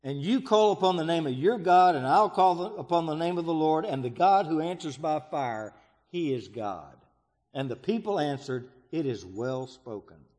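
A slightly high-pitched male preacher reads scripture aloud during a sermon. His delivery is dramatic, with sudden loud swells and quiet hushes. The sound carries a long reverb, as if he is speaking in a large hall. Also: animated, moderate pace.

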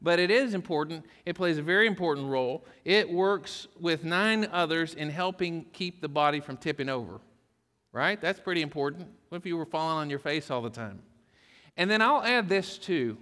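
A man preaches a sermon in a slightly high voice, telling jokes and folksy stories along the way. His words ring out with a long reverb, as in a church hall. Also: animated, normal speed, bright, forceful tone. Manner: folksy storytelling with humor. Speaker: pastor.

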